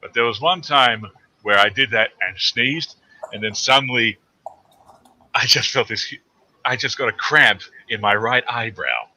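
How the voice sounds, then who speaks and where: A man on a voice actor panel, chatting casually and telling an animated story. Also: mid-range voice, a little slow, poor audio. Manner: animated storyteller, acts out quotes.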